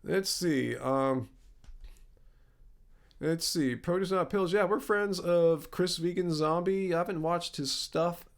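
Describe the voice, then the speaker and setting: Laid-back man with a gravelly voice. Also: a little high, takes it slowly. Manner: relaxed, reads viewer comments aloud. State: sneezing. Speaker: live stream host. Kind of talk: casual live Q&A chat.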